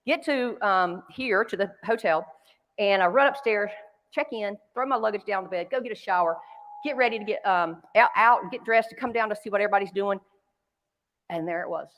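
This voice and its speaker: With a mid-range, fairly bright voice and a slightly fast pace, a Southern-accented woman from North Carolina gives a keynote talk. She's a chatty, self-deprecating storyteller, and the large conference hall lends long reverb.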